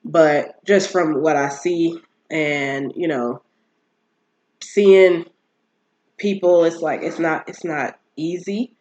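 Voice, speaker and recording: A woman hosting a casual solo podcast, talking in a chatty, animated way with many fillers and restarts. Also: deep voice, slow pace, pauses often, highs cut off. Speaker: podcast host.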